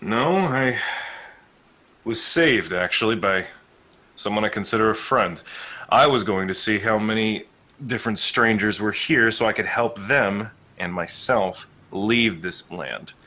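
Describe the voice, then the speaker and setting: Man, low voice, bright tone, hesitant, tabletop game player, in and out of character. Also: a little slow. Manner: hesitant, chatty, slips into a polite in-character voice.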